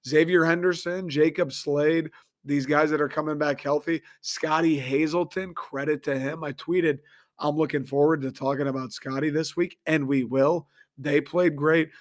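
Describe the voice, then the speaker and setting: A young man from Michigan, hoarse and a little raspy, ranting profanely and excitably as he hosts a casual sports talk show. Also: fairly high pitch, moderate pace. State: hoarse after a concert. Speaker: sports podcast host.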